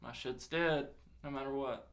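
A man's voice: mid-range voice, measured pace, noisy background. A young man casually telling a personal story, swearing often and acting out quoted dialogue. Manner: swears a lot, animated retelling with quoted dialogue.

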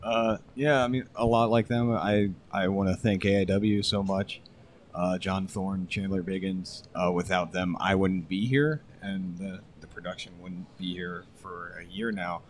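Low-voiced, halting male wrestler. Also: fairly even intonation, slight background noise. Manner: halting, emotional, many fillers. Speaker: wrestler guest. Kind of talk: casual chat.

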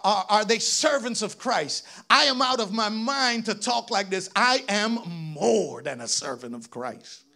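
A man preaching a sermon, reading scripture aloud and urging the congregation on, building to shouts. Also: high-pitched. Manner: reads scripture aloud, asks congregation to read on, rising to shouts.

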